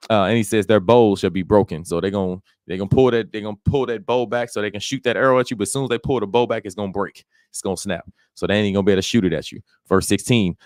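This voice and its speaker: A male preacher breaks down scripture in loose, slangy street talk and slows right down whenever he reads a verse. His voice sits at an everyday middle pitch. The sound is dry and close, with no room echo. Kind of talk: bible study sermon.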